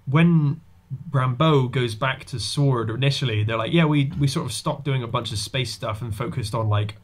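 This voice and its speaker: Animated man chatting on a podcast. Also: moderate pace. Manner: animated, acts out quotes with swoops in pitch. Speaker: podcast co-host. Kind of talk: casual chat.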